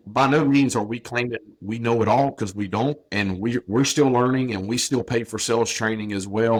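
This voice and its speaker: A plainspoken man in his thirties, a business owner talking casually as a podcast guest, repeating points for emphasis. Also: on the low side. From North Carolina, US.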